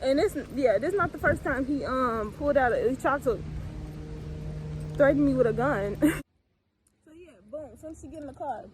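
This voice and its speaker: A young woman from the Midwest with a high, light voice recounts a story for her channel. She talks bluntly and casually, swearing often and padding her sentences with fillers. A faint hum of background noise sits under her voice. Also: expressive, normal speed, pauses often. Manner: blunt, profane, laid-back storytelling with many fillers. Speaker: vlogger.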